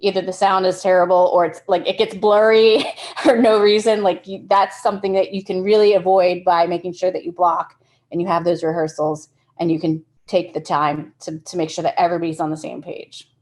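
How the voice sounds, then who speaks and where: A woman's voice: on the low side, little pitch movement, a little fast, a little mellow. A woman giving a casual workshop talk on directing actors, explaining with everyday examples and often restarting her sentences. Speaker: film directing instructor.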